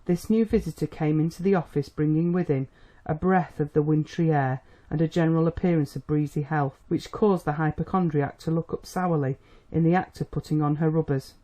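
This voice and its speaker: A narrator reads a period novel aloud. The storytelling is measured and steady. The tone is mellow and soft-edged. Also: medium pitch. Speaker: audiobook narrator. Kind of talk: scripted narration.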